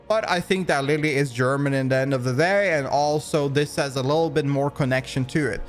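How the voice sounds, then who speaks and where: A man's voice: medium pitch, a little fast, soft background music. A man giving opinion commentary, rambling along with frequent restarts and fillers. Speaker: commentary YouTuber.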